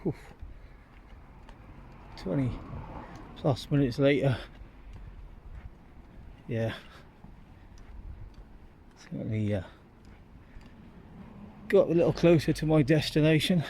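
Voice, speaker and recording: A man's voice: fairly high pitch, takes it slowly, long pauses, mellow, slight background noise. A man rambling through a casual walking vlog outdoors on town streets, chatting like a storyteller into a handheld phone. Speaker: vlogger.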